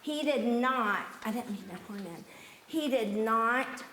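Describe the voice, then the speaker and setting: A woman drama teacher gives students motherly audition advice in a fairly high voice. The room echoes around her, with faint hiss behind. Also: a little slow, fairly bright tone. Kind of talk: theatre workshop instruction. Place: echoey rehearsal room with a group. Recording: roomy echo, faint hiss.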